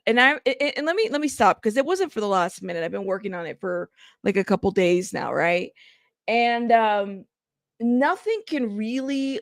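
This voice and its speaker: Uma mulher apresentando uma live casual, conversando com o chat de forma tagarela, recomeçando frases, cansada e frustrada. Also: female voice, fairly high pitch, creaky, no echo, clean studio sound. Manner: chatty, greets chat by name, rambling restarts. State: tired and frustrated. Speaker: livestream host.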